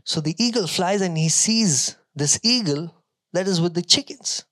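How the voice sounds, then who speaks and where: A male pastor preaching a sermon, emphatic, moving between strong declarations and quieter storytelling. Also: sits high, animated, moderate pace.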